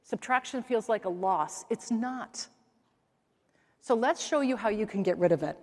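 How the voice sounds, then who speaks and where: A woman's voice: mid-range voice, normal speed. A middle-aged woman from the American Midwest giving a keynote talk on stage, telling stories with energy and acting out the voices of the people in them. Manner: lively storytelling, acts out quoted voices. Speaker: keynote speaker. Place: conference hall stage. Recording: large hall with long reverb.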